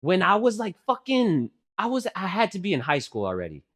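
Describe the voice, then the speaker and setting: A man's voice: high-pitched, fairly quick, breathy edge. A man in his twenties, a podcast co-host, telling rambling, profane stories in casual chat, full of fillers. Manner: rambling, profane, animated storytelling with many fillers.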